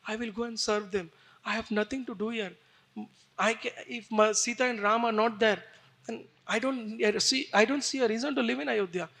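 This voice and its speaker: Man voicing a loyal young prince, loud, impassioned, high-pitched. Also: normal speed, creaky, full character voice. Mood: pleading. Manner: shouting, loud and emotional.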